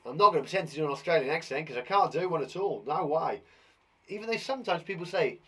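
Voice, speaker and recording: A man's voice: on the high side, expressive, quick pace, slightly rough. A man who teaches and hosts a live children's quiz show, talking in an enthusiastic, jokey, chatty way.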